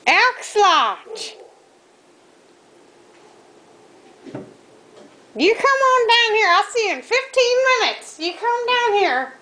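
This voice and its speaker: Shrill, cussing old granny. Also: very animated, a little slow, pushed and bright, a little hiss or hum, heavily acted, low-quality recording. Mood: flirty. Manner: cussing, rambling, folksy drawl. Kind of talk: prank phone call.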